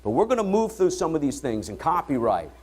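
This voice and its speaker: A lively middle-aged entrepreneur opens a conference before an audience in a hall. His fairly high, slightly rough voice moves briskly, energetic and conversational, as he asks the room "all right?"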